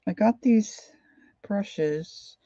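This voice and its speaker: A middle-aged woman chatting casually and self-deprecatingly while she draws, halting with fillers as she works. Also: mid-range voice, dark tone, no room sound, muffled recording. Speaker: art journaling vlogger. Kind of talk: casual live drawing chat.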